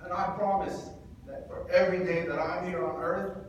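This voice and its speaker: A man's voice: high voice, flat delivery, moderate pace. A Pacific Islander man giving a jokey, preacher-like public speech to an audience, calling out to the crowd. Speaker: speaker at community event. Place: large indoor hall with audience. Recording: echoey hall, distant from mic, noisy.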